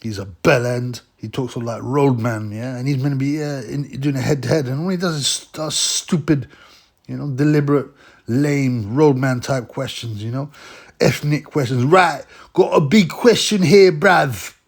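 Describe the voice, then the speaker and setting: A man's voice: mid-range voice, fairly even intonation, normal speed, a little mellow. A man giving rambling, blunt, mocking casual commentary as a boxing vlogger.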